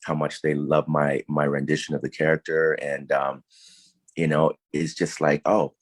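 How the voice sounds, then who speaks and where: A man's voice: a bass voice, monotone, normal speed, dry recording. A man, an actor, answering interview questions in a casual, thoughtful way with many fillers and restarts.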